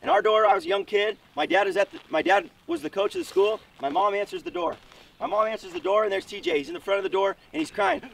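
A man's voice: sits high, quick pace, vocal fry. A man coaching at a wrestling camp, telling a motivational story with energy and lots of punchy repetition. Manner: energetic, repeats words for punch. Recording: distant mic with faint background noise.

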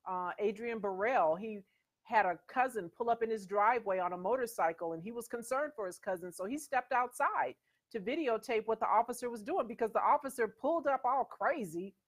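A woman's voice: a little high, a little fast. Emphatic woman host telling stories. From USA. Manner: conversational and emphatic, storytelling with quoted voices. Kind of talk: casual commentary.

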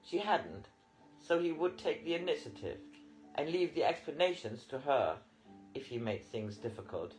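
Male audiobook narrator, lively pitch, reading a novel, faint guitar behind. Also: moderate pace, rough recording. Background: faint guitar music.

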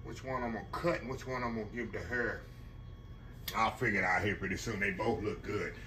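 A man's voice: fairly low pitch, fairly even intonation, a little fast, noisy background. A man hosting a casual home cooking vlog, folksy and chatty, talking straight to his viewers. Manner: chatty, folksy, keeps calling the audience y'all. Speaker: cooking channel host.

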